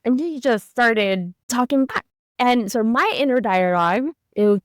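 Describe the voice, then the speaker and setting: A woman in her thirties, a therapist co-hosting a podcast, telling a parenting story in an animated way and acting out the lines she quotes. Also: fairly high pitch, measured pace, dry recording, studio quality. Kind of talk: conversational podcast discussion.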